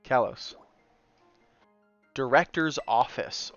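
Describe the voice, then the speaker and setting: A man's voice: mid-range voice, moderate pace, clean tone, dry recording. A man casually joking his way through a video game as let's play host, in a slightly muffled recording with faint game music behind. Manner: joking, playful, chatty. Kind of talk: casual gameplay commentary.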